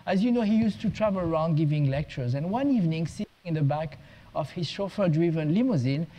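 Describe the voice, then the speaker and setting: A man with a notably high-pitched voice delivers a conference talk as an education consultant. He tells humorous anecdotes, occasionally restarting a word mid-sentence. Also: expressive, brisk, warm tone, low-quality recording. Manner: storytelling with humor and small restarts. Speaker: guest speaker, education consultant.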